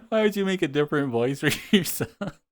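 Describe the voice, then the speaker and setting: A man chatting casually on a live stream, playful and relaxed, laughing often. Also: high voice, moderate pace. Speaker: VRChat streamer.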